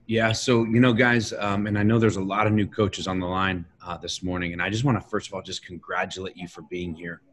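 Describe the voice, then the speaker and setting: A man's voice: low voice, little pitch movement, fairly quick, hardly any pauses, a bit bright. A man hosting a motivational team call, talking loosely with frequent "uh" fillers and restarts. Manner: conversational, lots of "uh" fillers and restarts. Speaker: host of a coaching call.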